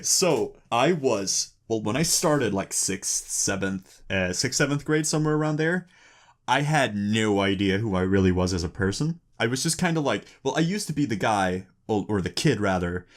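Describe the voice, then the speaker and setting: A man's voice: lowish voice, expressive, normal speed. A young man co-hosting a podcast in casual chat, rambling and joking with lots of restarts. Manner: rambling, restarts, jokey and laughing. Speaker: podcast co-host.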